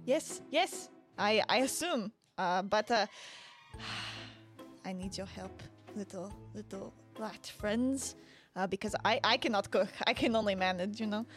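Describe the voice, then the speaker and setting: A woman's voice: measured pace, soft background music, close to an everyday voice. A woman putting on a weepy manager. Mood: distraught. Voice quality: high, quavering, theatrical. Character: weepy male French restaurant manager, fussy and dramatic.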